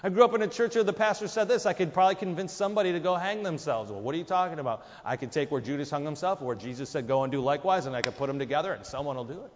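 A man's voice: on the high side, rapid-fire, few pauses, in a large hall, muffled recording, slight background noise. A man preaching a sermon, emphatic, his voice jumping up for quoted lines. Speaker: pastor.

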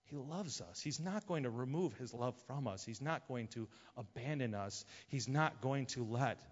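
A man, a pastor preaching a sermon, impassioned and swinging between loud and hushed. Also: mid-range voice, lively intonation, moderate pace. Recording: dull lo-fi sound with long hall reverb.

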